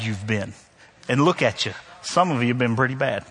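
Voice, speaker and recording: A man's voice: mid-range voice, expressive, normal speed, fairly bright tone. A man from the northern United States preaching a sermon to his church, conversational and joking, with emphatic repetition. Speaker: pastor. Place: church sanctuary. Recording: long hall reverb.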